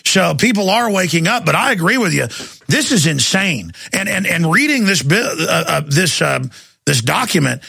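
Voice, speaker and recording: A man hosting a political talk show in a high, bright, gravelly voice. He talks bluntly, often stammering and restarting mid-thought, and the sound is dry and close. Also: sing-song, normal speed, dry recording.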